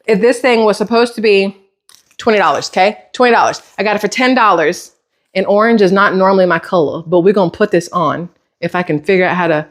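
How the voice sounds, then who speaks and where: A woman's voice: mid-range voice, fairly quick. A middle-aged woman vlogging casually from her home kitchen, rambling off on tangents and swearing lightly. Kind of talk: casual chatty vlog.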